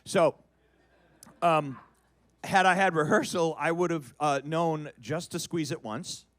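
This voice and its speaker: A middle-aged man telling a comic story on a cabaret stage, animated and building to loud shouts. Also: a little high, slow pace, no echo. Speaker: guest performer.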